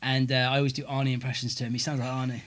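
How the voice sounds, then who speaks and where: A man's voice: medium pitch, little pitch movement, racing, a bit bright. A man, a comedian co-hosting, telling gym stories in casual banter and laughing often. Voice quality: laughs often, chatty, acts out quotes. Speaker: comedian co-host.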